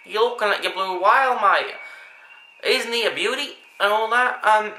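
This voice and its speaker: A man speaks in a bright, forward voice, wandering through his thoughts and restarting sentences as he goes. He sounds earnest and unpolished. The recording is echoey, with a faint hiss underneath. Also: a little high. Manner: rambling, earnest, many restarts and asides. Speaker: vlogger. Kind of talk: casual monologue to camera.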